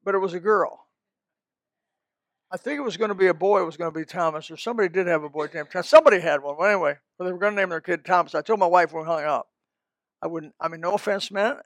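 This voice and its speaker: A man's voice: high-pitched, quick pace, a bit bright, dry recording. A man preaching a sermon in a folksy, rambling way, with asides and restarts. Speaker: pastor.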